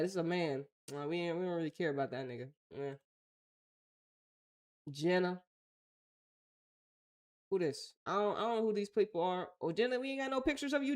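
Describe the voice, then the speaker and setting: A woman with an American accent hosting a casual talk show, reading news aloud and reacting bluntly in slangy, offhand remarks. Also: on the low side. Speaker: host.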